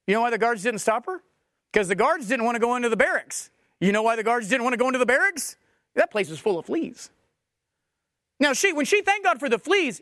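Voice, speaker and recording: A man preaching a sermon, animated, acting out back-and-forth dialogue. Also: very high-pitched, dry recording, studio quality.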